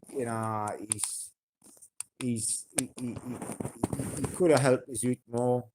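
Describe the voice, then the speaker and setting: A man with a thick Geordie accent talks slowly and unhurriedly to his livestream viewers. He is blunt and swears freely, his sentences wandering through fillers and false starts, at a middling pitch. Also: dark tone. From North East England. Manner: blunt, sweary, rambling with many fillers and restarts. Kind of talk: casual livestream chat.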